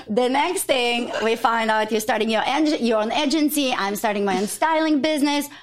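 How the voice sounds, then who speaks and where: A woman, a guest on a podcast, telling a story quickly and expressively and acting out the dialogue. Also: fairly high pitch. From Ukraine. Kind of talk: animated storytelling.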